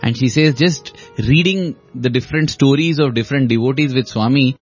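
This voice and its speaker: A man hosting a conversation, listening attentively and then telling a story in a measured way. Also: mid-range voice, husky. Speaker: host. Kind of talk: casual interview chat. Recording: slightly muffled recording with faint music.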